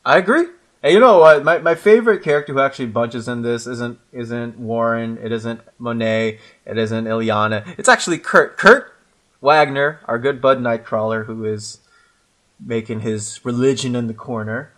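A man's voice: medium pitch, moderate pace, fairly bright tone. A man co-hosting a casual comic book podcast, upbeat and chatty as he recommends his favorite parts. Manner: upbeat, chatty, slips into playful character voices. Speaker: podcast co-host.

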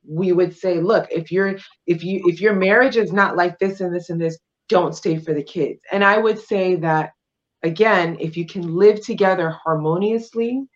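A woman's voice: on the low side, dull audio. A woman guest in an interview, explaining her views in an emphatic, conversational way with many "um"s and "you know"s. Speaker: guest sharing her divorce experience.

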